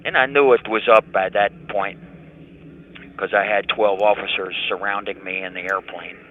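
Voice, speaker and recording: A man's voice: fairly low pitch, steady tone, normal speed, slight background noise. An older man, a prison inmate, telling his story in a matter-of-fact way over a phone call. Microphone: prison telephone. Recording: tinny prison phone line.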